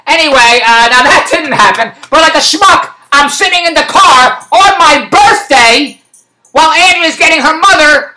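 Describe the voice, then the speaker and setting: A man's voice: very high-pitched, pushed and bright. A middle-aged man ranting in a casual vlog from a parked car, exasperated and repeating his complaints. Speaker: vlogger. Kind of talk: casual rant to camera.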